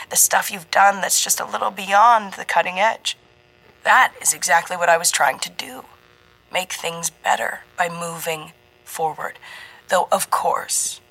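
Woman narrator plays a slick, genial middle-aged man recruiting; booming, oozy emphasis, bright, a touch low. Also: low-quality recording. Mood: hushed menacing. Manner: booming, oozing, emphasizes every word.

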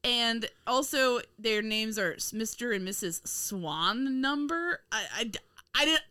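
Woman, podcast co-host, casual chat, frequent laughs, exasperated teasing, bright tone. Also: fairly high pitch, lively intonation, a little slow, clean tone, no room sound. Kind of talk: casual chat reviewing a TV episode.

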